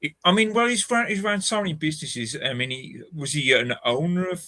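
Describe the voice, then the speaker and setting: Bright-voiced man who stammers. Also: a little high, a little fast. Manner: hesitant, stammers and repeats words. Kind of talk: casual chat.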